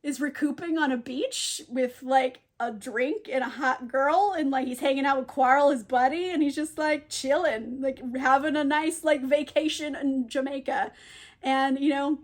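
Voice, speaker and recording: Bubbly high-voiced woman recapping a book. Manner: laughs often, lots of fillers, quick quoted asides. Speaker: book reviewer.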